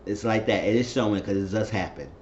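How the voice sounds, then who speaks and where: A man casually recapping a TV episode, rambling and animated. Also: fast. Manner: rambling, animated, mimics characters in falsetto. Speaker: TV recap vlogger. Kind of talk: casual review chat. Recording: echoey room, dull lo-fi sound, faint noise.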